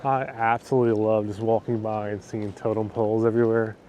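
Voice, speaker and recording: A man's voice: fairly low pitch, flat delivery, a little fast, darkish tone, a little hiss or hum. A man hosting a casual travel vlog outdoors in a port town, talking with eager enthusiasm and lots of superlatives. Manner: enthusiastic and upbeat, with frequent superlatives. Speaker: travel vlogger.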